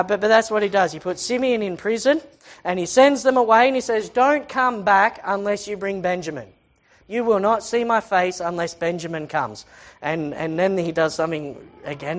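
A woman who teaches the Bible in a chatty way, asking rhetorical questions and reading scripture aloud. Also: on the low side.

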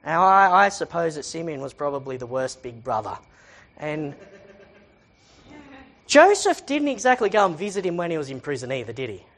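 A woman's voice: deep voice, very animated, normal speed, long pauses. Chatty woman teaching the Bible. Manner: chatty, asks rhetorical questions, reads scripture aloud.

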